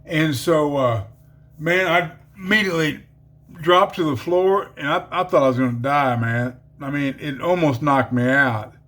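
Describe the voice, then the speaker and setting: A man's voice: a little high, measured pace, a bit bright. A man who is an ex-convict telling his conversion story in a casual, rambling way full of fillers. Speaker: ex-convict giving a conversion testimony.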